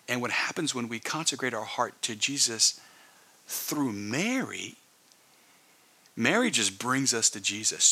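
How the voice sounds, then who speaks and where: A male pastor preaching earnestly in a conversational way, dropping into hushed whispers for emphasis. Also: mid-range voice, husky. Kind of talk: sermon.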